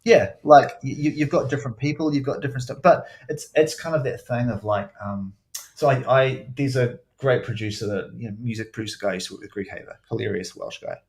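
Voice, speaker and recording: Animated, rambling man hosting a podcast. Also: mid-range voice, brisk. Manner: rambling, animated storyteller who swears freely. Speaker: podcast host. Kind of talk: casual podcast chat.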